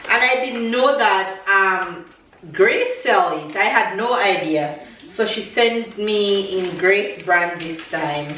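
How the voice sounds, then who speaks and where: A woman vlogging as she unboxes a gift package with her child, speaking gently and sounding emotional, between teary and laughing. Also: mid-range voice, slow, very echoey, recorded from a distance, slight background noise. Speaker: vlogger, mother. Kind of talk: casual family vlog, unboxing a package.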